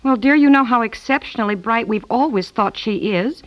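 A woman's voice: fairly high pitch, lo-fi sound, close to an everyday voice. A woman playing a chatty, fluttery mother and housewife in 1950s radio comedy acting. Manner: chatty, fluttery, quick asides. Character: fussing mother and housewife, middle-aged.

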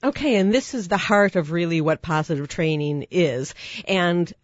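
Radio host asking measured questions. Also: mid-range voice, no echo, dull audio. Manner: polite, lightly halting questions with fillers. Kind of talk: radio interview.

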